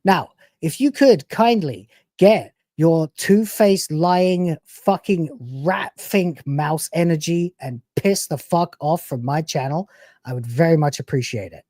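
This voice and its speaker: A woman's voice: low voice, measured pace, mellow, no echo, studio quality. A woman hosting a reaction channel, giving sarcastic, profane, mocking commentary over clips.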